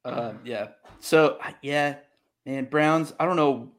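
A man's voice: mid-range voice, takes it slowly. A young man in casual sports chat, laid-back and hesitant, with many fillers.

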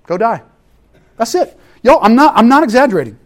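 A man, preaching a sermon in a casual, animated way that swings from loud to hushed. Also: extremely high pitch, fairly quick. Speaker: pastor.

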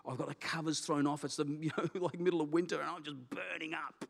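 A middle-aged man, a pastor, telling a candid personal story in a sermon with an animated, self-deprecating manner. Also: on the high side, fast, gravelly. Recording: long hall reverb.

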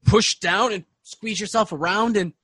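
A man narrating as game master in a tabletop game, with casual, halting narration. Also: high-pitched, pushed and bright, husky, no room sound.

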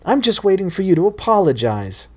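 A man voicing a defiant, self-assured teenage girl in a storybook reading, pitched up for her lines. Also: very animated, fairly quick, slightly rough, full character voice. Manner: cocky, snorting.

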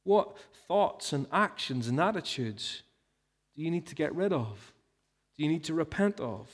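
A man, preaching a sermon in an earnest, emphatic way full of rhetorical questions. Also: a little high. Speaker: pastor.

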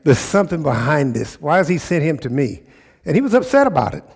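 A man's voice: a little high, very animated, a little fast, darkish tone, slightly rough. A pastor preaching a sermon, emphatic, repeating phrases and checking in with his listeners.

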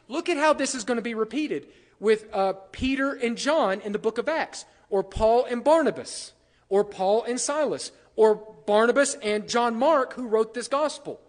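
A man's voice: very high-pitched, normal speed, long reverb tail. A man preaching a sermon in a conversational way, often asking the congregation questions. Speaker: pastor.

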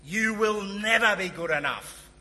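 A man voicing a stern elderly preacher of great authority, declaiming loudly and emphatically, with long hall reverb and a faint hum. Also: sits high, animated, measured pace, pitched above the performer's own voice, heavily acted.

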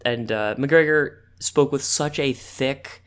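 A man's voice: mid-range voice, slow, clear, resonant tone. Rambling, laughing man telling a story. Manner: rambling, animated storytelling with frequent fillers and laughs. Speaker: podcast co-host. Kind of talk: casual chat.

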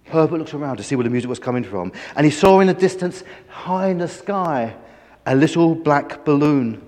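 A man reading a children's story aloud with animated, playful emphasis. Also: a little high, a little fast, in a large hall.

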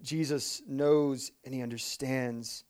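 A man preaching a sermon who breaks into humorous asides, stumbles over his words and restarts, and turns slow and quiet for solemn points. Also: mid-range voice, steady tone.

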